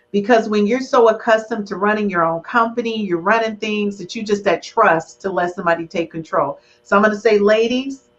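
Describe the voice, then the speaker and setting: A woman hosting a relationship podcast in lively, teasing, emotional chat with her guests. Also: mid-range voice, lo-fi sound. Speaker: podcast host.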